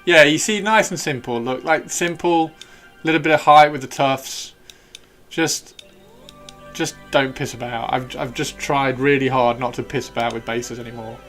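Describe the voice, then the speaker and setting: A man's voice: medium pitch, fairly even intonation, normal speed, a bit bright, faint music behind. A man livestreaming while painting miniatures, chatting casually and rambling with many fillers and restarts.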